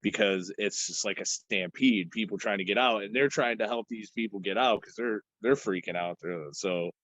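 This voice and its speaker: A man's voice: lowish voice, normal speed, fairly bright tone, no room sound, muffled recording. A man co-hosting a podcast, loosely retelling a horror movie scene by scene. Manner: loose, rambling retelling with acted-out quotes. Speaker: podcast co-host. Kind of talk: casual film discussion.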